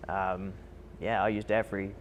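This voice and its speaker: A man's voice: low-pitched, normal speed, a little hiss or hum. A young man, a boxer, vividly recounting his fight in a documentary interview. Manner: vivid, animated retelling with breathy asides.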